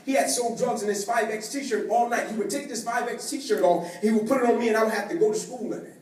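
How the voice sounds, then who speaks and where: A man telling a personal story to an audience, acting out the voices of the people in it and swinging between hushed and excited. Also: sits high. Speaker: motivational speaker. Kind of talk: storytelling keynote speech. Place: large event hall. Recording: echoey hall from far off, faint noise.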